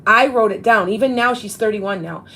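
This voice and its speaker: On a rough recording, a woman in her fifties who works as a psychic medium chats casually on her live show. Her mid-range voice has a fairly bright tone and a moderate pace, and her talk rambles with many restarts.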